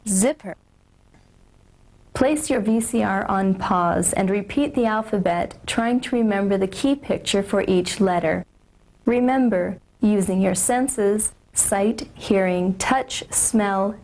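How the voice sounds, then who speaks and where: A woman teaching phonics, slowly modeling each letter sound and word for learners to repeat. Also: medium pitch, darkish tone, rough recording. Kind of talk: scripted instructional narration.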